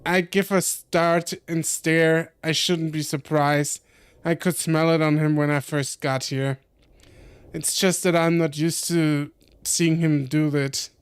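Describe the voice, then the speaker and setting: A young man streaming, reading a visual novel aloud with commentary, slowly and often correcting himself. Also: a little high, level tone, clear, resonant tone, no echo. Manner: slow reading with frequent self-corrections.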